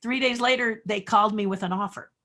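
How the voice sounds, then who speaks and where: Woman, middle-aged, podcast guest, animated storyteller, acts out dialogue. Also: medium pitch, brisk. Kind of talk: storytelling interview.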